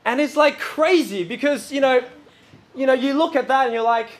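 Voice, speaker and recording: Animated, high-voiced male preacher. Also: normal speed. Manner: lively and chatty, with many fillers. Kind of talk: sermon.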